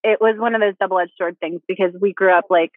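A woman hosting a casual interview chat, bubbly and quick to laugh, full of "like" fillers. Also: mid-range voice, fairly even intonation, no echo. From Pennsylvania, USA. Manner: bubbly, laughs often, says "like" a lot. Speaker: podcast host. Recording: tinny phone line, dry.

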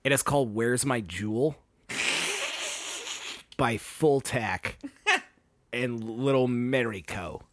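A young man co-hosting a casual podcast, rambling and animated as he describes songs. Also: takes it slowly, long pauses, dry recording. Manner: rambling, animated, acts out lyrics in a high voice. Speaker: podcast co-host. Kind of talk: casual chat.

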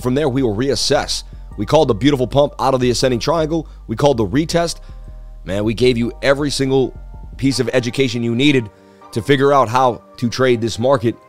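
Male streamer, boastful and pumped, slightly hoarse, middle register, soft music bed. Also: medium pitch, fast. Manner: hyped, boastful, talks straight to viewers. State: slightly losing his voice. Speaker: crypto market analysis livestream host. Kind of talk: casual livestream chart analysis.

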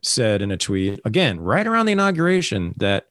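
A man hosting a casual political talk show, ranting in an animated, sarcastic way. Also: lowish voice, a little fast, no echo, studio quality.

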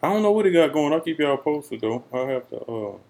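Easygoing low-key man co-hosting. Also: sing-song, brisk, heavy background noise. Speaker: podcast co-host. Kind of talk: casual chat.

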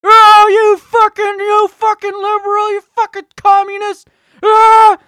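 A man putting on a mocking caricature of a loud, stubborn conservative man, shrill and whiny. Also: steady tone, moderate pace, clean tone, no echo, close to an everyday voice. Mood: furious.

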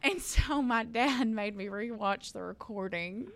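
A woman, co-hosting a podcast and telling stories in a casual, animated way, laughing and building to loud peaks. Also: fairly high pitch, unhurried, heavy background noise. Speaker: podcast co-host. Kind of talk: casual storytelling chat.

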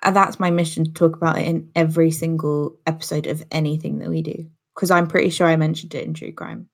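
A woman's voice: low-pitched, flat delivery, fast. A woman co-hosting a podcast in casual chat, playful and teasing. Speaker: podcast co-host.

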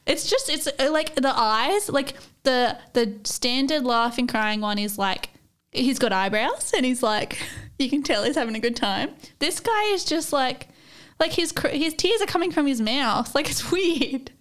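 A woman's voice: high-pitched, a little slow, fairly bright tone. A young Australian woman co-hosting a casual chat, chatty and giggly with lots of filler words. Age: young adult. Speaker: podcast co-host.

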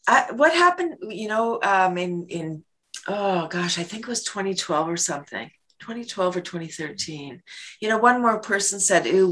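A woman being interviewed who laughs often and acts out quick little scenes as she talks. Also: fairly low pitch, a bit bright. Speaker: guest, laughter yoga leader and worm business owner. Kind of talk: enthusiastic interview talk.

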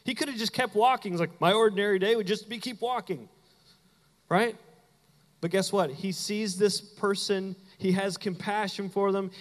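A high-pitched man preaches a sermon to his congregation. He talks in a playful, conversational way, acting out quick asides. His voice rings with the long reverb of a church sanctuary. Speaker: pastor. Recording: hall reverb.

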